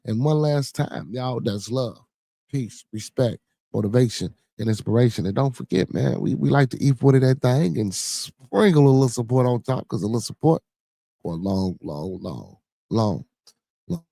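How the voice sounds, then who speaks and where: A man's voice: mid-range voice, moderate pace, gravelly, dark tone, no echo, clean studio sound. A man hosting a casual livestream podcast, talking in slang and repeating his catchphrases three times over. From Chicago. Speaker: podcast host.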